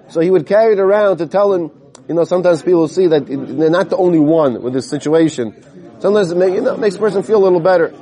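A man with a slightly high, warm and mellow voice teaches a Talmud class. He reads the Aramaic slowly, then explains each phrase in plain English. He sometimes loses his place and starts again.

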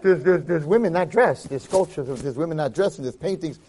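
Man, rabbi teaching a class, fairly high voice, swooping intonation, animated storytelling, Hebrew phrases mixed in. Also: a little fast, slightly rough. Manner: animated, acts out quotes and shouts for emphasis; mixes Hebrew phrases into English. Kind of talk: Torah class, lively storytelling.

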